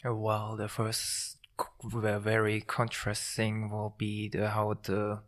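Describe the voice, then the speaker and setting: A man whose first language is Korean, a nervous course participant speaking in a halting, hesitant way in a casual interview. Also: lowish voice, completely flat delivery, fairly bright tone.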